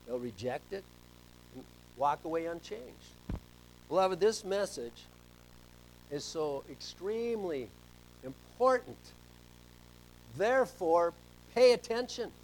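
A middle-aged man preaching a sermon as pastor, telling stories and swinging between soft asides and loud emphasis. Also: a little high, lively intonation, takes it slowly, pauses often, slight background noise, low-quality recording.

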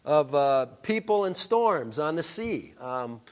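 A man preaching a sermon, telling stories with frequent halting restarts. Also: on the high side, very animated, clean tone. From Upper Midwest of the USA. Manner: halting storytelling with many restarts. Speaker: pastor.

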